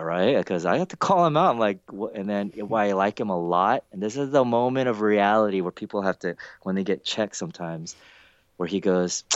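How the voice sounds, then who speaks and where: A man chatting casually, telling animated stories and acting out other people's lines. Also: brisk, dry recording. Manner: animated storyteller, acts out quotes with big pitch jumps. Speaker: event organizer. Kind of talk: casual chat, storytelling.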